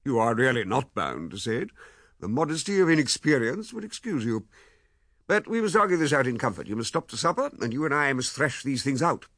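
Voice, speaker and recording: Male reader doing a pompous, waggish middle-aged gent, lively lecturing voice, dry close sound. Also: mid-range voice, a little fast, dry recording, voice pushed up. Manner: genial, lecturing, self-satisfied.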